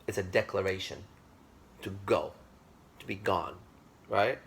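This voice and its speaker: A man's voice: low-pitched, unhurried, vocal fry, husky. A man giving a classroom lecture, speaking with emphasis, repeating himself and checking that the class agrees.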